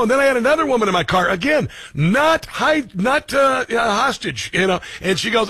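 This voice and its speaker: A man's voice: very high voice, expressive, fairly quick, few pauses, bright, forceful tone, slightly rough, no echo. A man hosting a radio talk show, chatting casually with jokes and self-deprecating asides.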